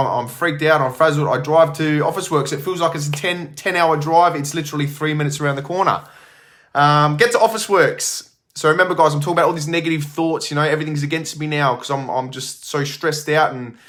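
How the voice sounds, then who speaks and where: A man's voice: a little high, a bit bright. A middle-aged man, telling a story casually to camera as a gym owner, rambling with many fillers and restarts.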